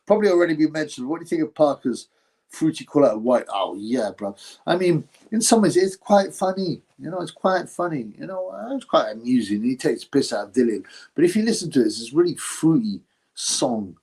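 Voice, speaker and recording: A man's voice: mid-range voice, very animated, fairly quick, a little mellow, husky. A man hosting a casual livestream, rambling bluntly and swearing while answering viewers. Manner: rambling, blunt, profane, calls viewers bro. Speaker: host. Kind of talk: casual livestream chat, reading viewer comments.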